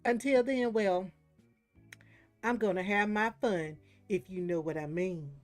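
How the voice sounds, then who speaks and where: A woman's voice: mid-range voice, unhurried, soft background music, close to an everyday voice. A woman voicing a feisty older woman, a sly and teasing divorcee who runs a neighborhood club, in a game.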